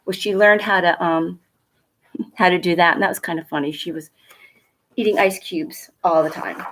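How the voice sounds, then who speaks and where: A woman from a school reading a picture book aloud to children at home, gentle and expressive, a little nervous, chatting to the kids between pages. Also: fairly low pitch, normal speed, a little hiss or hum. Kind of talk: storybook read-aloud for children.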